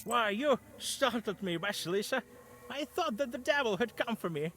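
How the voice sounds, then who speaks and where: A man's voice: very high-pitched, animated, normal speed, fairly bright tone, soft background music. An actor voicing a grieving peasant man in a video game, defensive and sorrowful. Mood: startled.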